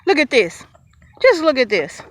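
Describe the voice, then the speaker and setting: Homesteader, higher-pitched woman, talks to viewers while walking an outdoor garden. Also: moderate pace, slight background noise. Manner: chatty, excitable, addresses viewers often, laughs easily. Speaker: homesteader showing her garden. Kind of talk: casual garden tour vlog.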